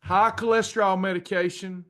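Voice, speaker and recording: A middle-aged man telling a personal testimony to a class in a folksy, drawn-out way, acting out the dialogue. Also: high voice, fairly even intonation, fairly bright tone. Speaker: pastor and weight-loss class leader.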